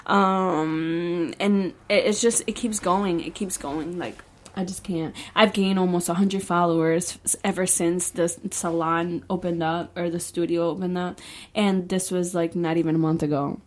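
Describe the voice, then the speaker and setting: A woman's voice: lowish voice, fairly even intonation, a little slow. A young woman hosting a faith podcast, talking casually and emotionally with lots of fillers and repeated phrases. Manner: emotional, filler-heavy, repeats "I just can't". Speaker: podcast host and lash artist. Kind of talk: casual faith-based personal chat.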